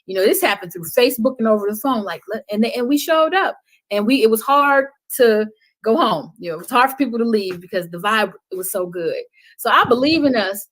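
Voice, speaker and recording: Impassioned woman, loud to hushed. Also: fairly high pitch, expressive, brisk. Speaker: guest. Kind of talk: passionate podcast conversation.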